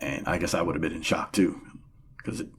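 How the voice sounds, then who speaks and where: A man's voice: a bass voice, steady tone, fairly quick, creaky, husky. A man speaking as a podcast guest, laid-back, often agreeing and trailing off mid-thought. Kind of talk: casual movie review chat.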